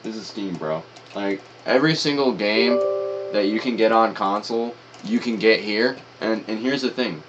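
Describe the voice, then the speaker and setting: A man's voice: on the low side, normal speed, highs cut off, over music. A man streaming, giving casual, slangy reaction commentary with some swearing.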